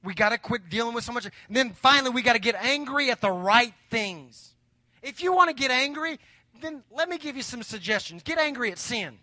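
Male pastor, high and bright, preaches with building fervor, dry close sound. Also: lively intonation, a little fast, dry recording. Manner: preaching with rising fervor, telling personal stories. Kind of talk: sermon.

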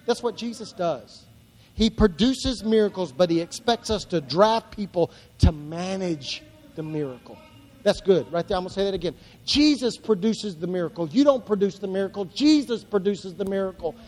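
High-voiced man preaching in a reverberant hall. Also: expressive, normal speed, a little mellow. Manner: preaching with rising emphatic builds and repetition. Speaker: pastor. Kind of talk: sermon. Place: church.

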